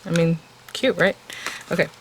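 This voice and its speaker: A woman's voice: fairly low pitch, fairly even intonation, moderate pace, noisy background. A woman demonstrating card making in a casual crafting tutorial. She chats and thinks aloud as she works, and her voice sounds a little tired. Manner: chatty, thinking aloud while working. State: voice getting tired.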